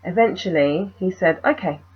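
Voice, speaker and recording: A woman telling a personal story in a vlog, animated and full of rhetorical questions. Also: lowish voice, moderate pace, muffled recording, a little hiss or hum. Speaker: vlogger.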